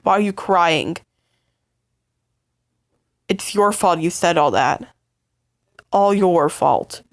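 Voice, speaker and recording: A woman's voice: fairly low pitch, expressive, no echo. A woman playing a stammering, hurt partner. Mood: bitter, angry. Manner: stammering, halting, emotional outbursts. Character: hurt, angry young partner in a fight. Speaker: voice actor in a listener role-play. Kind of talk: listener role-play audio drama.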